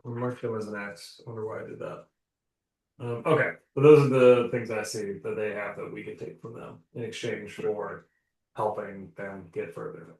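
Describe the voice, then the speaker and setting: A man's voice: fairly low pitch, fairly even intonation, normal speed, darkish tone. A man plays a tabletop game and lays out his reasoning step by step for the group. His voice comes from a distance in an echoey room. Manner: thinking aloud, listing points. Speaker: player. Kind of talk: tabletop game strategy chat. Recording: roomy sound from a distant mic.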